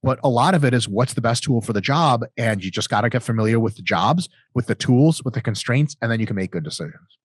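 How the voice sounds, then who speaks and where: A man's voice: medium pitch, expressive, quick pace, breathy edge, no room sound. A man in his thirties co-hosting a casual question-and-answer chat, joking and swearing freely. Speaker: co-host answering viewer questions.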